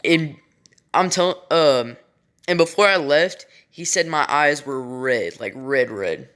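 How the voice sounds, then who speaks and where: A man's voice: fairly high pitch, slow pace, a bit bright. A young man telling a rambling story to camera, swearing often. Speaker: vlogger. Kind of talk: casual storytelling.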